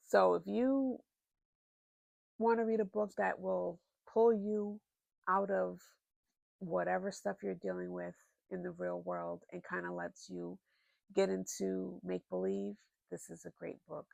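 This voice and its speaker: Gravelly, unhurried woman chatting about books. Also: mid-range voice, no echo. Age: adult, married. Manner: chatty, expressive, lots of fillers. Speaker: book vlogger. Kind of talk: casual book recommendations.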